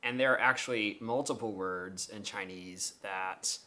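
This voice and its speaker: A man's voice: lowish voice, a little slow, bright, forceful tone. A man, an English speaker, talking through his language-learning method in a vlog, methodical and explaining step by step with examples.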